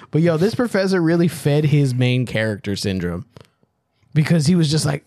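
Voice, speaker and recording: A man's voice: on the high side, lively intonation, a little fast, darkish tone, no echo, studio quality. A man co-hosting a podcast, laid-back and slangy, tossing off jokey asides about a movie. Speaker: podcast co-host. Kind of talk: casual movie-recap banter.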